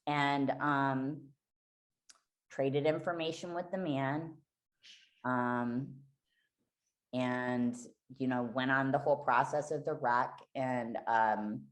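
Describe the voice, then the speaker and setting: A woman's voice: rumbling low, steady tone, slow pace. A woman guest on a podcast, candidly telling a raw, emotional personal story and swearing freely.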